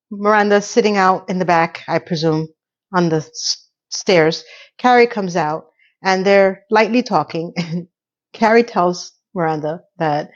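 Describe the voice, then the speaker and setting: A woman's voice: on the low side, dull audio. A woman giving a casual, rambling recap of a TV episode with personal asides, acting out the characters' lines as she goes. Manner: chatty, acts out characters' lines in quotes. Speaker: TV series recap reviewer.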